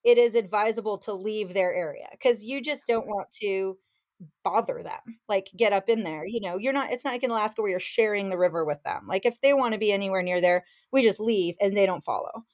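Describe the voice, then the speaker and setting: A woman's voice: mid-range voice, fairly quick. A woman fishing guide telling a story in a casual chat, acting out what people said and laughing as she goes. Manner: animated, acts out quotes, laughs while telling. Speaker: fishing guide, podcast guest.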